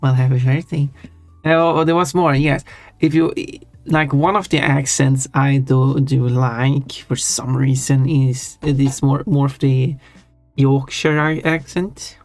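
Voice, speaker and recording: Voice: mid-range voice, level tone, slow pace, dry recording. A live streamer chatting casually while drawing, musing in a rambling, self-deprecating way. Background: faint chill background music.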